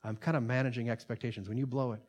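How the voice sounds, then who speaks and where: A man preaches in an earnest, plain-spoken way, his voice sitting at a middle pitch. He reads quoted lines aloud with more force and fills his own commentary with ums and restarts. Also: fairly even intonation, rapid-fire, a little mellow. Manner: earnest, rising in volume on quotes, many fillers. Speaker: pastor. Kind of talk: sermon with read-aloud transcript.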